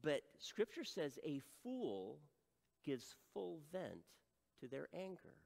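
A middle-aged male pastor preaching an animated sermon, acting out voices and adding self-deprecating asides. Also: a little high, slow, vocal fry, long reverb tail.

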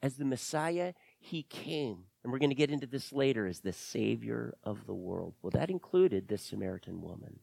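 A man preaching a sermon, swinging between loud emphatic lines and hushed, near-whispered ones. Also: mid-range voice, sing-song, moderate pace, gravelly, hardly any pauses, no room sound. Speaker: pastor.

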